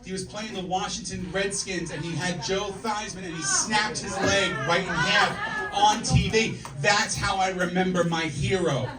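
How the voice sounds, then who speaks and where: A man's voice: high-pitched, steady tone, normal speed, loud music behind the voice, over a noisy crowd. A man in his forties doing a brash, profane stand-up comedy set, telling punchy stories to the audience on a comedy club stage. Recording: echoey club from a distance, audience laughter. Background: audience laughing.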